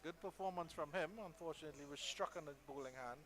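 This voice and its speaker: A man doing live cricket commentary, measured between balls and loud and excited on big shots. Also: on the high side.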